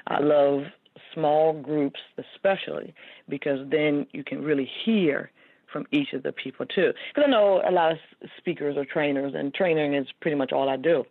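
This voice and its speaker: A woman's voice: deep voice, gravelly, no echo. An earnest woman speaks as a guest author, her talk loose and full of fillers. She comes through a narrow, tinny phone line with a dry sound. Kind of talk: casual interview talk.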